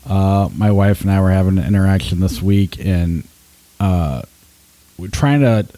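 A man hosting a movie podcast in a low, warm, mellow voice. He talks loosely and laughs easily. He rattles off the show's plugs from a list, and the sound is close and dry. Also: no room sound, rough recording. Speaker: podcast host. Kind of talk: casual podcast chat.

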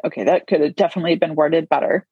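Woman podcast co-host, husky, teasing and profane, dry close sound. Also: low-pitched, fairly even intonation, very fast, no room sound, phone-quality sound. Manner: teasing, swears casually, laughs a lot. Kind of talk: casual chat.

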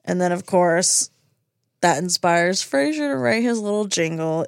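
A woman's voice: fairly low pitch, lively intonation, measured pace, creaky, clear, resonant tone, no room sound. A woman co-hosting a podcast, animatedly retelling a TV episode and acting out the characters' lines with casual swearing, recorded in a studio. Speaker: podcast co-host.

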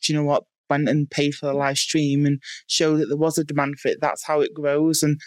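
A woman's voice: low voice, level tone, brisk, dry recording, studio quality. A woman strongwoman athlete from the UK, answering interview questions frankly with plenty of "um" and "like". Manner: frank, lots of "um" and "like".

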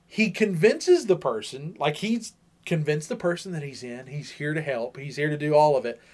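Male co-host, high voice, animated storyteller who jumps into quoted voices. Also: normal speed. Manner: animated, acts out quoted voices, laughs often. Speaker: podcast co-host. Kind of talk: casual storytelling chat.

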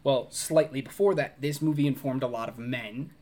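In a casual movie review chat, a man co-hosting a podcast acts out scenes from the film with animated voices and grunts. He has a mid-range, slightly mellow voice and keeps a moderate pace.

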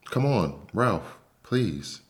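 A clamoring bunch of squeaky little mouse cousins, as a man with a deep voice puts them on. They beg and pester in lifted, eager tones through a calm storybook reading. The read stays soft and unhurried. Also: full character voice. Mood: pleading. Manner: pleading, clamoring.

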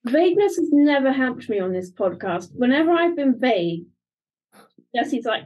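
A woman's voice: high-pitched, very animated, normal speed, highs cut off. A woman co-hosting a casual podcast, hesitant and searching for words. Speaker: podcast co-host. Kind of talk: casual chat.

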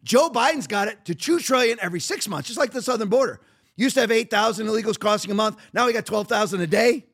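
Man with a high voice, middle-aged, podcast host, emphatic sarcastic political rant. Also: animated, fast, fairly bright tone. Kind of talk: political commentary.

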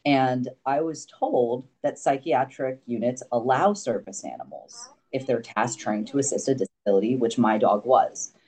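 A man's voice: mid-range voice, normal speed, a little mellow. A man guesting on a podcast, telling a long story in a loose, rambling way, full of fillers, casual swearing and little laughs. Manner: laughs often between remarks.

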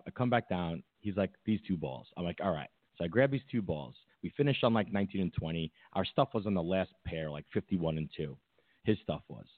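A man's voice: sits low, no echo. A man co-hosting a podcast, telling a rambling story in casual chat with many fillers and restarts. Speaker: podcast co-host. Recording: tinny phone-like line, dry.

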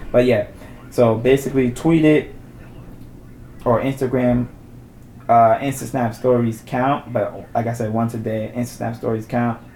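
A man's voice: mid-range voice, creaky, a little mellow, slight background noise. A man hosting his own solo podcast, talking casually in a loose, chatty way and repeating himself. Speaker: podcast host. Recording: echoey room.

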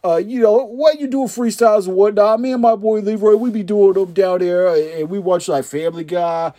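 A man's voice: high voice, fairly even intonation, a little fast, warm tone, lightly acted. A man playing a young male stoner who rambles through a pop culture review in heavy street slang. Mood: rambling. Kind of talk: comedy sketch monologue.

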